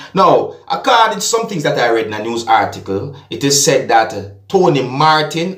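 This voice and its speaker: A man's voice: medium pitch, recorded from a distance. A Jamaican man hosting a vlog, talking through news with his viewers and often asking "you see me". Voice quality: patois-tinged, repeats "you see me". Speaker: vlogger. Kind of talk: casual news commentary. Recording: roomy echo, off mic, music behind.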